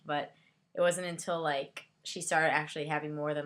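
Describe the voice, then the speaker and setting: A young woman giving a casual book and movie review, rambling excitedly with lots of fillers and side comments. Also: low-pitched, moderate pace.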